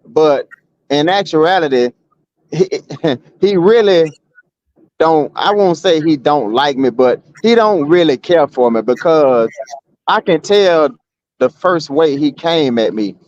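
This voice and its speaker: A man in a casual streamed argument, rambling and restarting, blunt and full of street talk. His voice sits a little high, and the sound is muffled and lo-fi. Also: animated, slow pace, a little mellow, dry recording. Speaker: guest.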